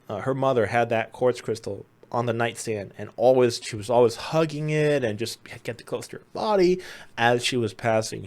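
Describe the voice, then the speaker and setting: A man hosting his own video, telling a personal story in a casual, earnest, conversational way. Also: medium pitch. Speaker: host.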